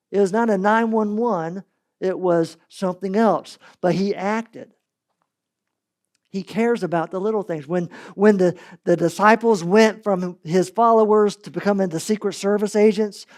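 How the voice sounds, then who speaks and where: Male preacher, sermon delivery, animated storyteller, dynamic loud-to-soft swings. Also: high voice. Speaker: pastor.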